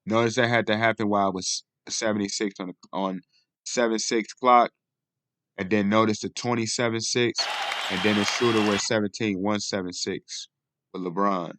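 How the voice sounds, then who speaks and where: A man's voice: lowish voice, steady tone, moderate pace, long pauses, fairly bright tone, no echo, some chatter behind. A man hosting a casual commentary vlog, talking in a rambling way and often asking "you know what I mean". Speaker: video host.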